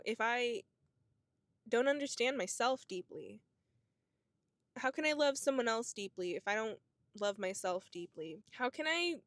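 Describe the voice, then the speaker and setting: A woman's voice: a little high, no room sound. A woman in her twenties talking to camera in a casual, reflective monologue, musing in a spiritual way with lots of "like" and "you know". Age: 20s. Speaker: vlogger.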